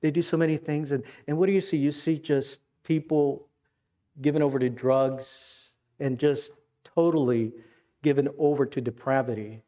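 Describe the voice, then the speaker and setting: Earnest preaching man, mellow voice. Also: mid-range voice, fairly even intonation, moderate pace. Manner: earnest preaching with repeated words and rhetorical questions. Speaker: pastor. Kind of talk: sermon.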